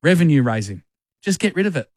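A man, co-hosting a radio show, eager and quick to laugh. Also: a little high, no echo, studio quality. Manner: lively, eager, laughs easily. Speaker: radio host. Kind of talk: casual radio banter. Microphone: studio microphone.

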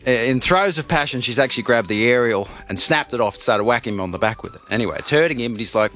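A man's voice: medium pitch, animated, quick pace, few pauses, a bit bright. A man hosting a radio show, telling a long joke in a rambling way, full of "uh" and "anyway.". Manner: rambling storyteller with many fillers. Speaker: radio host.

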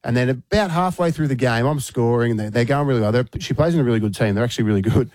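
An Australian man on a radio show, telling a story in a casual, animated way and acting out what people said. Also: medium pitch, very fast, no echo. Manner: animated, acts out quoted voices. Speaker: radio host.

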